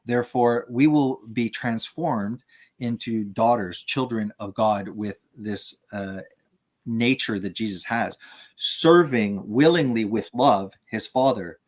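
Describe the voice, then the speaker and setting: A man in a conversational debate on theology, speaking haltingly with frequent fillers and restarts. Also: on the low side.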